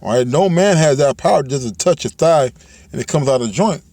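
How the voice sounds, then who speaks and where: A man giving informal Bible teaching, talking loosely and reading scripture aloud in a slow, measured way. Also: fairly high pitch, animated, warm tone, dry recording. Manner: loose and conversational, ends phrases with "man" and "all right"; reads scripture aloud in slowed, measured cadence.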